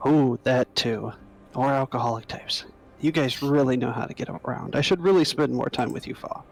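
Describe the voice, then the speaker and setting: A man's voice: medium pitch, normal speed, creaky, rough recording. A man playing a tabletop game, chatting casually and cracking jokes. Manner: joking, playful. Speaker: player.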